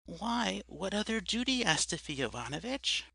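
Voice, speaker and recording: A man's voice: high-pitched, very animated, normal speed, vocal fry, bright, forceful tone, slightly rough, dry recording, voice pushed up, full character voice. A man voicing a meek, broken-down drunken man who talks in a timid, apologetic, pleading way.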